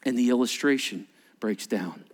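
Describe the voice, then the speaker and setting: With a mid-range voice and a moderate pace, a male pastor delivers a sermon, voicing dialogue himself. He moves back and forth between loud bursts and hushed, almost whispered lines.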